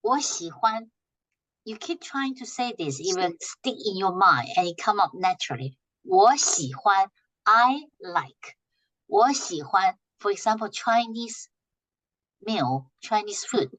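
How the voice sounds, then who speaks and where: A woman teaching a language class, patiently repeating short phrases slowly for her students to echo. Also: mid-range voice, lively intonation, a bit bright.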